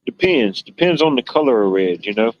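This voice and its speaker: A man's voice: mid-range voice, expressive, fairly quick, muffled recording. A man hosting a livestream, chatting casually, rambling and joking with viewers. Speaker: livestream host. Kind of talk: casual chat reading viewer comments.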